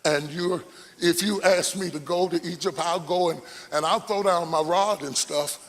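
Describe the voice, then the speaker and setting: A humble, reluctant Moses pleads in halting, repeated words, voiced by a preacher. The voice sits high and bright with a gravelly edge. He sounds unsure of himself throughout. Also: in a large hall. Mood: pleading.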